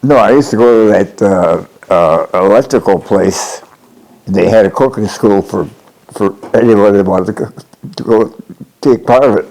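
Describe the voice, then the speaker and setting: A man aged one hundred from upstate New York, answering interview questions in short, halting replies and often repeating the question back. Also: fairly low pitch, a little mellow. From Niagara Falls, New York. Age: 100. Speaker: interviewee, war veteran.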